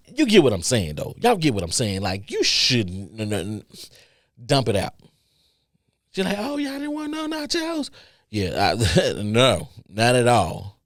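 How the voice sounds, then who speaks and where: A man's voice: on the low side, dry recording, studio quality. A man hosting a podcast, telling a story in casual chat that rambles and repeats, with stutters, restarts and free swearing. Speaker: podcast host.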